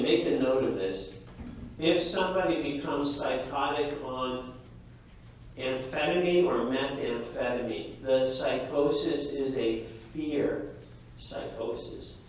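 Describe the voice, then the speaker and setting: A male lecturer giving a lively, jokey classroom lecture and talking straight to his students. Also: mid-range voice, slow pace, slight background noise. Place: lecture hall. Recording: echoey hall from far off.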